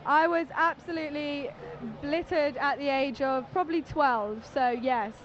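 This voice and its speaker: English girl in her 20s, high voice, cheerful chatty answers, muffled sound w/ faint noise. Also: a little slow. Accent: English, Cambridge area. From England. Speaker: interviewee. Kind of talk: casual chat. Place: outdoors at a crowded event.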